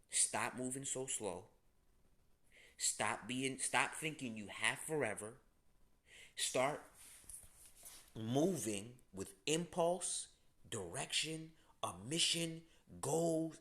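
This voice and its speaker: A man talks straight to his audience in a loose, casual rant. He is blunt and profane and leans on slang, with a voice of middling pitch. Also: fairly bright tone. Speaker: astrology channel host. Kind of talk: casual direct-to-camera rant.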